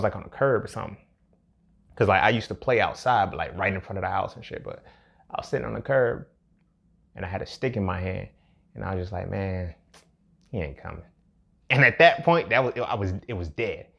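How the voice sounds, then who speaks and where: A man's voice: fairly low pitch, vocal fry, a bit bright. A man hosting a show, talking casually and reflectively, with lots of profanity and streetwise phrasing. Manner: profane, streetwise, reflective, says "you feel me" often. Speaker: podcast host. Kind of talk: casual personal monologue.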